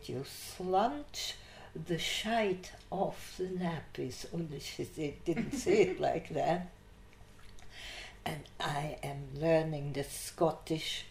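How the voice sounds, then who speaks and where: An older woman recounting her memories in an interview, telling lively anecdotes and laughing through her stories. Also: fairly low pitch. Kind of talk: oral history storytelling. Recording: echoey room.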